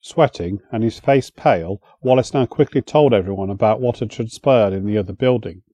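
Man narrating an audiobook, dark tone. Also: fairly low pitch, no room sound. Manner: steady, measured storytelling.

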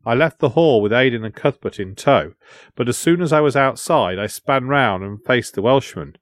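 A man narrates a historical adventure at a measured, steady pace. His voice sits at a middling pitch. The sound is dry and close, with no room around it. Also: no room sound. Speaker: audiobook narrator. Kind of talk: storytelling narration.

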